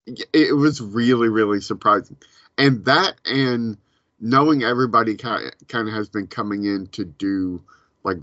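A man co-hosting a podcast, chatting casually in a halting, hesitant way full of fillers. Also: on the low side, bright, forceful tone, dry recording, lo-fi sound. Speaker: podcast co-host. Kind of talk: casual chat reviewing a show.

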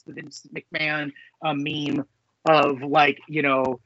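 A man co-hosting a podcast in casual chat, excitable and swearing freely, with lots of fillers. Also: fairly high pitch, slow, dry recording. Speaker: podcast co-host. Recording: dull lo-fi sound, dry.

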